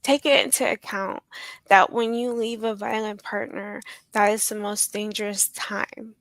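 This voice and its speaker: A woman telling her personal story in an interview, hesitant, with many ums and pauses. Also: medium pitch, steady tone, fairly bright tone, dry recording. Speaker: guest sharing her survival story.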